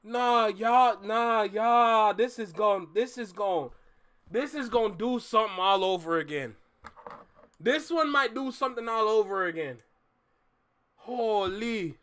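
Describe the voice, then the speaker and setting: A man hosting a music reaction video, giving casual commentary, excitable and breaking into shouts and laughter. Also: high-pitched, unhurried, smooth.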